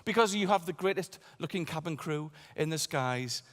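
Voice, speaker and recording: A man's voice: fairly high pitch, expressive, moderate pace, natural voice. A man voicing a cheerful, playful female flight attendant making a welcoming announcement. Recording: long hall reverb.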